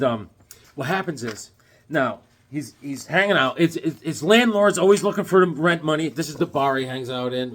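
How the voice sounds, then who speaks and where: A man casually reviewing comic books, rambling and joking, with plenty of fillers and "right?" tag questions. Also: medium pitch. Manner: loose and chatty, full of fillers and tag questions; jokey, with puns.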